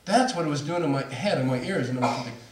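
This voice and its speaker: A man's voice: a little high, expressive, fast talker, background noise. A middle-aged man speaking to an audience, telling a personal story in a candid, self-mocking way with laughs. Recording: roomy hall, voice from far off.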